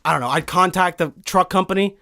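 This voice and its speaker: A young man hosting a podcast from a studio, telling a profane, animated comic rant full of swearing. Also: high voice, fast talker, vocal fry. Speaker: podcast host.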